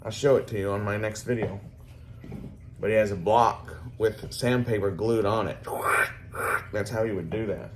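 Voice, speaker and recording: A man's voice: on the low side, fairly even intonation, moderate pace, long pauses, background noise. A man chatting casually and swearing freely while giving a workshop project update. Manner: rambling, profane, laid-back. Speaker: hobby swordsmith vlogger.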